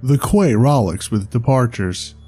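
Man narrating a dark tale, mellow tone. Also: mid-range voice, lively intonation, measured pace, husky, soft background music.

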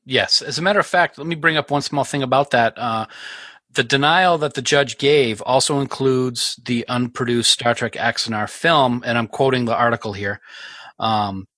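A man co-hosting a fan podcast in casual chat, halting and restarting often, with dry asides. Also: mid-range voice, sharp tone, no echo. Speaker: podcast co-host.

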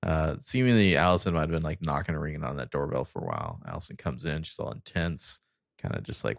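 A man co-hosting a podcast in casual chat, recapping scenes in a loose, relaxed way with wry asides. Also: rumbling low, fast, creaky, no echo, studio quality. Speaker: podcast co-host.

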